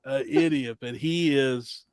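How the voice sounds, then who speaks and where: A man hosting a casual podcast, telling racing-weekend stories with lively acted-out quotes and frequent laughter. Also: mid-range voice, takes it slowly, clear, resonant tone, no echo. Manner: animated storyteller, laughs often, acts out quotes. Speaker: podcast host. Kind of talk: casual storytelling chat.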